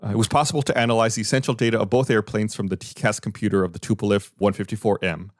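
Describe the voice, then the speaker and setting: A man with a somewhat low voice talks through events on a podcast. He explains and reads report findings in a loose, conversational way. The sound is dry and close, with no room around it. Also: steady tone, very fast, no echo. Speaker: podcast host. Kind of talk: casual podcast discussion.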